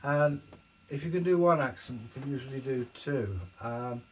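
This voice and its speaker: A man's voice: medium pitch, moderate pace, breathy edge, rough recording. A man from southern England, chatting casually as co-host of a livestream. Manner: chatty, slips into accent impressions.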